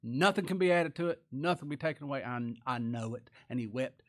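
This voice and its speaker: A male preacher delivering a sermon in plain, folksy speech. He pushes some lines out loud and high, then drops to a low, quiet aside. His voice sits at an ordinary middle pitch. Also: lively intonation, quick pace. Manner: folksy plain-spoken grammar, reads scripture aloud.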